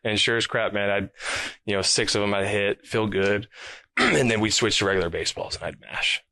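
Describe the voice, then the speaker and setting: A man with a somewhat low voice chats casually in an interview. He recounts stories and fills them out with a lot of "like." He sounds easy and conversational. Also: brisk, creaky, no echo. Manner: chatty, many "like" fillers, animated recounting. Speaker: professional baseball player, guest.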